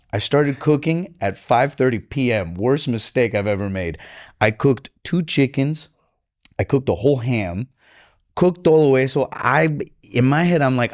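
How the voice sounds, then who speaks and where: A young chef from tells stories, with a mid-range voice. He is animated and swears freely, sliding into Spanish mid-sentence as he talks. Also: mid-range voice, brisk. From Miami. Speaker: chef guest. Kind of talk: casual storytelling.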